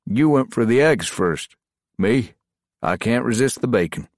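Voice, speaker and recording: A man voicing an easygoing male team leader who talks with dry, deadpan humor and a husky voice. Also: mid-range voice, measured pace, dry recording, voice pushed up. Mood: wry.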